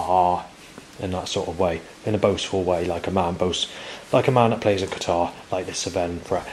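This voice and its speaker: Brief: man, 40s, very low voice, repetitive outdoor vlog ramble. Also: slight background noise, poor audio. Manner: rambling, repetitive, with frequent restarts. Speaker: vlogger. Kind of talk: rambling monologue to camera.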